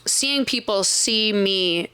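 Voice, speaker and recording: A woman's voice: mid-range voice, slow, smooth. A young woman co-hosting a podcast, chatting casually and telling stories with lots of swearing. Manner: profane, animated storyteller. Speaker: podcast co-host. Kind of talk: casual chat.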